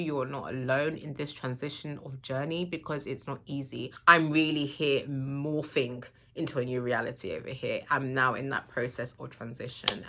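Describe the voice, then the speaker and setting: A woman's voice: rumbling low, a bit bright. A woman vlogger talking earnestly and intimately to her viewers, addressing them directly with heartfelt encouragement. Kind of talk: heartfelt motivational vlog talk.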